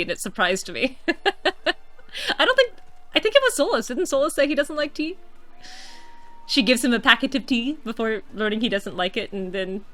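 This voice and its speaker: A woman's voice: a little high, a bit bright. A woman giving casual commentary while playing a video game, often breaking into long laughing fits. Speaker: gaming streamer.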